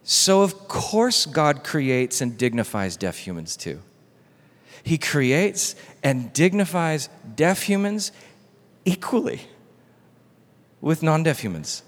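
A man preaching a sermon as pastor, animated and casual, acting out quoted dialogue. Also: fairly high pitch, takes it slowly. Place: church hall. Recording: long hall reverb.

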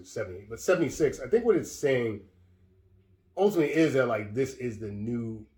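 A man in a relaxed film chat, thinking aloud with many "like"s and "um"s and swearing now and then. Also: mid-range voice, a little fast. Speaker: podcast co-host. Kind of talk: casual film discussion. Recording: roomy echo.

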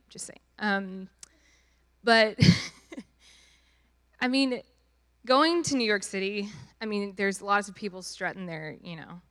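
A woman's voice: lowish voice, fairly bright tone. A young woman who leads youth trips, telling a personal story in a chatty way, with many fillers and frequent laughs. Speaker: youth trip leader. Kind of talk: casual personal testimony.

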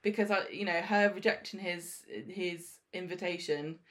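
A woman co-hosting a podcast, chatting and teasing in quick banter. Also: on the low side, steady tone, a bit bright. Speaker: podcast co-host. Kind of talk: casual chat.

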